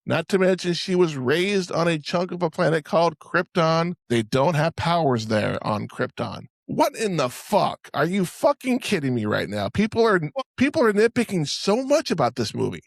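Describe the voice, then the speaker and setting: A male podcast host with a rough, gravelly voice that rambles and stammers through casual banter. He swears freely and doubles back on his words. The sound is close and dry. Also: on the high side, sing-song, moderate pace, few pauses, no echo. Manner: rambling, profane, stammers on restarts.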